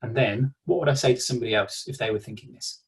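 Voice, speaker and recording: A man's voice: medium pitch, fast. Man leading an online workshop. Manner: conversational, uses acted self-talk examples. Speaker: workshop presenter. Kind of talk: live online workshop talk. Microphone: video call.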